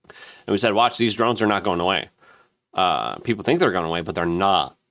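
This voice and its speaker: A man hosting an online news show, giving an opinion commentary straight to camera. He rants emphatically and repeats himself rapidly, and he mimics other people in raised, mocking voices. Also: sits low. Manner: excitable, emphatic ranting with rapid repetition. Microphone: camera-mounted.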